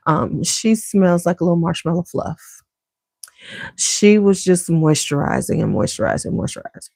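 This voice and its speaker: A woman's voice: low voice, dry recording. A middle-aged woman vlogger chatting casually to her viewers and telling a family story from her home basement. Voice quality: gravelly, chatty and conversational.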